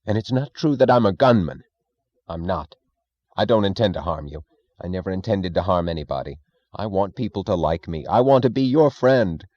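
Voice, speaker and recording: A man's voice: deep voice, expressive, normal speed, darkish tone, no room sound, highs cut off. A man reading an audiobook, voicing a nervous, evasive male government leader who pleads and fidgets. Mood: agitated. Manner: pleading, fidgety, falsely casual.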